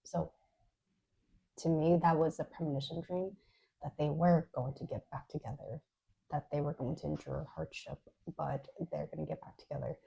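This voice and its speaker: A woman's voice: low-pitched, fairly even intonation, normal speed, creaky, dark tone, slightly rough, lo-fi sound. A woman co-hosting a podcast, recounting a dream in a chatty, casual way with lots of fillers. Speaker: podcast co-host. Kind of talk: casual storytelling.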